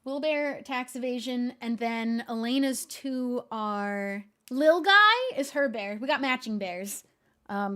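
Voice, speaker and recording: A young woman streamer chatting casually with her viewers, laughing often and talking in a deadpan way. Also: a little high. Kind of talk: casual chat.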